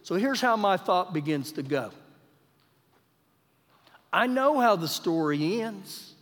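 Male pastor, very high voice, emphatic sermon, rhetorical questions, live church recording, long hall reverb. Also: expressive, takes it slowly, fairly bright tone. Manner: humorous paraphrasing of scripture. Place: church sanctuary during a live service.

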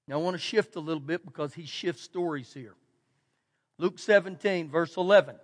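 A man with a Texan accent preaching a sermon as pastor, repeating key phrases and swinging between soft and loud delivery. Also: a little high, normal speed. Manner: preaching with emphatic repetition and shifts between loud and quiet. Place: church sanctuary. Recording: church hall with long reverb.

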